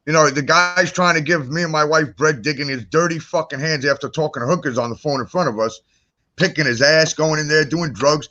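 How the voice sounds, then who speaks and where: Bright-voiced man ranting with profanity. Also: a little high, a little fast, highs cut off. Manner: profane, heated, animated ranting. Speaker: guest. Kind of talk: casual talk-show storytelling.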